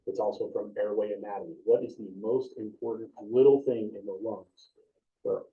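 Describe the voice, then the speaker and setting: A man's voice: lowish voice, fairly even intonation, normal speed. A man teaching an EMT class in an informal, casual way, often asking the students questions. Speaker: EMT instructor. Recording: dull distant room recording.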